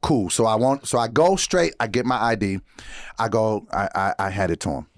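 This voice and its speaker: A man's voice: on the low side, normal speed, no echo, clean studio sound. A young adult man co-hosting a podcast, telling a story in casual chat and acting out the people in it. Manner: animated, acts out quotes, frequent laughter. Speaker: podcast co-host.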